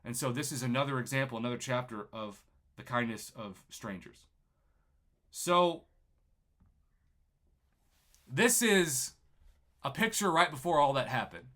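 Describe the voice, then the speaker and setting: A young man from New Mexico tells his life story with a bright, sharp voice. He is animated and emotional, and he acts out the dialogue of the people he quotes. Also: medium pitch, unhurried, long pauses. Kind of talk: personal storytelling.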